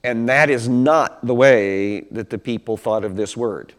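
A man's voice: mid-range voice, a little slow. A man preaching a Bible teaching sermon in a conversational way, asking rhetorical questions and acting out quotes. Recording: long hall reverb.

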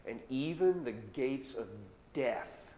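A man delivers a sermon, retelling an old story in casual everyday words. His mid-pitched voice rings through a big, roomy hall with a long echo. A faint hiss sits under the recording. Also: expressive, mellow. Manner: retells scripture in casual modern words, slowing for emphasis. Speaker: preacher. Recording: echoey hall with long reverb, faint noise.

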